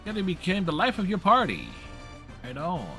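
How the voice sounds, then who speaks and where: A cheerful skeleton who once clowned in the circus, as a man reads him out for a game. He talks in a jokey, sentimental way, his voice sitting a little high. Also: big pitch swings, normal speed, bright, forceful tone, faint music behind, full character voice. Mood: upbeat.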